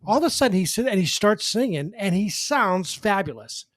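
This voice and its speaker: A man in his sixties telling a story in casual podcast chat, animated and quick with his asides. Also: high voice, no echo. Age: 60s. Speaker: guest, former radio co-host and columnist.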